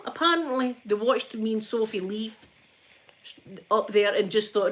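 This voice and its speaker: A Scottish woman rambles through a casual live chat from home, calling out to her viewers by name. Her voice sits slightly higher than most, and she laughs often between stories. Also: lively intonation, fairly quick, fairly bright tone. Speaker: livestreamer chatting to viewers. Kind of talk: casual live-stream chat while ironing.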